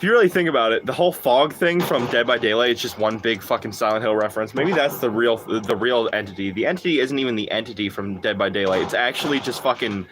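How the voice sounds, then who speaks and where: A man's voice: mid-range voice, quick pace, hardly any pauses, background noise. A young man livestreaming a game, chatting casually with viewers, cursing and joking as he riffs off chat. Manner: animated, profane, jokey, riffs off chat.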